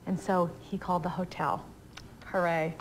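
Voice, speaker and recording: A woman recounting an anecdote about a friend in an interview, brisk and amused. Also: on the low side, little pitch movement, poor audio. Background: music.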